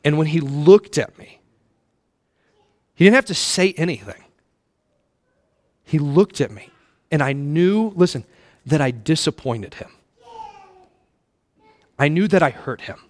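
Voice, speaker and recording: A middle-aged male pastor preaching a sermon in a church, impassioned, swinging from loud to hushed, repeating words and calling listeners friend. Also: a little high, animated, unhurried, long pauses. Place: church sanctuary.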